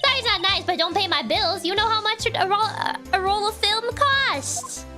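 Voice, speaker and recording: A woman's voice: extremely high pitch, sharp tone. A woman voicing a brash, feisty Southern woman photographer in a put-on drawl, blunt and folksy, with game music behind. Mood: indignant. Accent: put-on American Southern drawl. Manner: blunt, folksy, quick to pick a fight.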